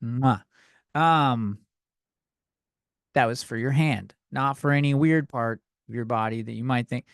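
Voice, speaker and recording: A man's voice: mid-range voice, normal speed, gravelly, few pauses, smooth, no echo, clean studio sound. A young man hosting a comedy podcast, ranting in a rambling, profane, self-deprecating way at a desk microphone. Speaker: podcast host.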